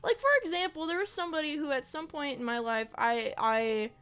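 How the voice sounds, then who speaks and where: A woman's voice: high-pitched, a little fast, fairly bright tone, faint music behind. A young woman streaming a game, chatting casually in a rambling, reflective way with slang and swearing. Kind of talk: casual chat while gaming on stream.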